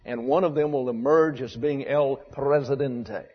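A male pastor preaches in a husky voice, blunt and wry, tossing rhetorical questions at his congregation. The sound is dull and muffled, with a long church echo trailing behind him. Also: mid-range voice, a little slow. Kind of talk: sermon. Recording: dull echoey church recording.

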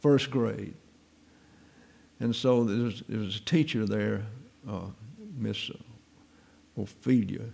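Gravelly man teaching the Bible. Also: fairly low pitch, slow, long pauses, a little mellow. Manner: folksy, wry storytelling. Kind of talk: informal Bible teaching with personal anecdotes.

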